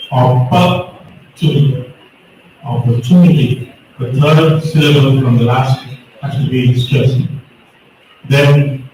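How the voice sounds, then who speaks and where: Slow man judging a speech contest. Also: medium pitch, darkish tone, a little hiss or hum. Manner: slow, explains pronunciation rules. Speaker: competition judge. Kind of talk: speech to students. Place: school hall. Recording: echoey hall, from far off.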